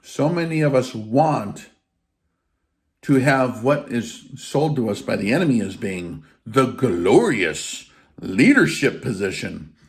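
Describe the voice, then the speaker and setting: Lively, emphatic man teaching on faith. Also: medium pitch, measured pace. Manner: emphatic, blunt, with casual swearing. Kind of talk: informal spiritual teaching.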